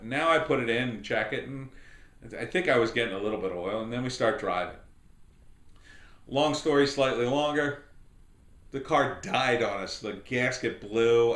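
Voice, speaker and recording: A roomy recording captures a middle-aged podcast host's mid-range voice as he casually rambles through a long anecdote. He brings the quoted characters to life in his casual storytelling commentary.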